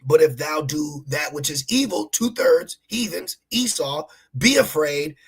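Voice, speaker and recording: Man, livestream sermon, fiery preaching, husky voice, somewhat high. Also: animated, measured pace. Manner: fiery, preachy, talks to listeners directly. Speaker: street preacher. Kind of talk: livestream sermon reading scripture.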